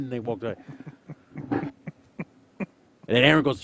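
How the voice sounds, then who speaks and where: A man's voice: medium pitch, animated, moderate pace, pauses often, fairly bright tone, slight background noise. A man casually telling a rowdy story, swearing and acting out every line of dialogue.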